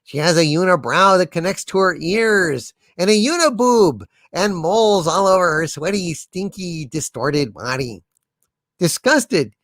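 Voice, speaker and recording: A man hosting a comedy livestream with a bright, sharp voice that swoops up and down as he tells jokes. He plays the storyteller with theatrical flair, reading chat and hamming up the punchlines. The sound is dry and close on the mic. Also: high-pitched, expressive, unhurried, no room sound. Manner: playful, theatrical joke telling.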